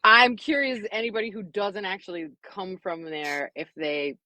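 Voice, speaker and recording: A woman from New York hosting a casual live stream, animated and quick with asides. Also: mid-range voice, dry recording.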